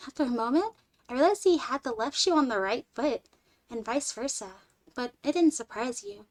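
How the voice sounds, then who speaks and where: A woman streamer reading a short story aloud in an expressive way, moving between lively and hushed delivery. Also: high-pitched, moderate pace.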